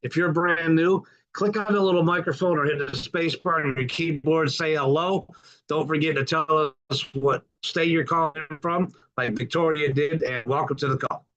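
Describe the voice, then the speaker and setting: His voice is a little high and fairly bright, with fairly even intonation at normal speed. The middle-aged man hosts a podcast on a group video call, upbeat and folksy, greeting newcomers over and over; a computer mic yields dull lo-fi sound.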